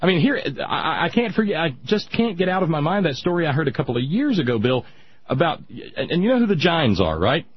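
A man on a radio talk show, talking in a casual, emphatic way that climbs into loud, insistent peaks. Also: a little high, big pitch swings, brisk, breathy edge. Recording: dry, dull radio audio.

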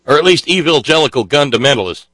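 A man's voice: fairly high pitch, animated, fast, a bit bright, dry recording. A male host in casual chat, sarcastic and mocking, often stammering.

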